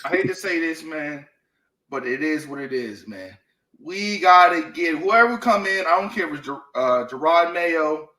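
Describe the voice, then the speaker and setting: A man's voice: on the high side, lively intonation, normal speed, bright, forceful tone, echoey room, rough recording. A man co-hosting a casual sports talk show, blunt and profane, leaning on "man" and "you know what I mean.". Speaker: sports podcast co-host.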